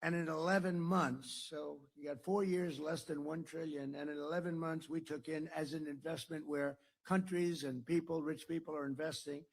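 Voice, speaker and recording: Brief: older American man, after-dinner speaker, raspy gravelly voice, slightly high, loose and repetitive, boastful. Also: fairly even intonation, moderate pace, few pauses. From United States. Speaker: political speaker. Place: dinner hall.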